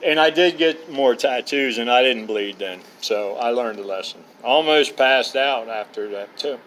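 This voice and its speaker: A man's voice: medium pitch, expressive, a little slow, a bit bright, a little hiss or hum, poor audio. A middle-aged man vlogging from a campsite, telling rambling personal stories in a colloquial way, full of uhs and asides. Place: outdoors at a campsite.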